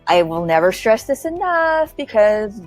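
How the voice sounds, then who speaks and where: A woman's voice: medium pitch, sing-song, a little slow, darkish tone, soft background music. Direct, upbeat woman hosting a webinar. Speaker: webinar host. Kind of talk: casual webinar chat.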